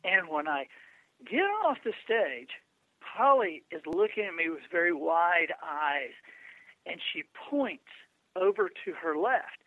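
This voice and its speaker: A man's voice: high-pitched, lively intonation, takes it slowly, no room sound. A male author and speaker, a guest on an interview show, telling stories animatedly with many stammered restarts. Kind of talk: storytelling interview answers. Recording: tinny phone line, dry.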